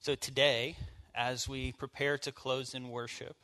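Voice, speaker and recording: A man's voice: medium pitch, little pitch movement, measured pace, sharp tone. A man leading a church bible study, teaching in an informal, conversational way and asking the group questions. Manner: informal, asks the group questions, casual fillers.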